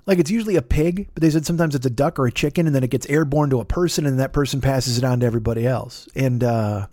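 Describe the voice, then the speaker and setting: A man's voice: mid-range voice, fast talker, warm tone, dry recording, clean studio sound. A man hosting a comedy podcast, ranting in a profane, sarcastic and rambling way. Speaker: podcast host.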